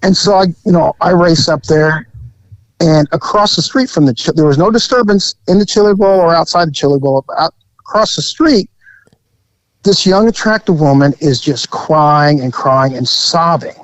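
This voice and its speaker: High-voiced man telling a cop story. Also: moderate pace, dry recording, lo-fi sound. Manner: profane, animated storyteller acting out quotes. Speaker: podcast co-host, former police officer. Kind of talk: casual storytelling chat.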